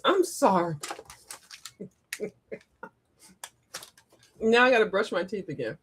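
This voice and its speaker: A woman hosting a casual livestream, animated, laughing often and breaking into sung and mimicked lines. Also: a little high, unhurried, pauses often, breathy edge. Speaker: livestream host. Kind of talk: casual live chat.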